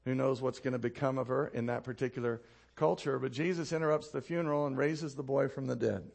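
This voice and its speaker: In a steady tone with vocal fry, a male pastor preaches at a quick pace. He tells his stories with animation, laughs at his own anecdotes, asks the congregation to respond, and turns low and quiet to land a point.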